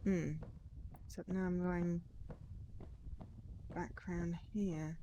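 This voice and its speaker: A woman's voice: lowish voice, flat delivery, slow pace, mellow, highs cut off, slight background noise. A young woman chatting casually as she streams a game, musing aloud and answering her chat. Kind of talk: casual gameplay commentary.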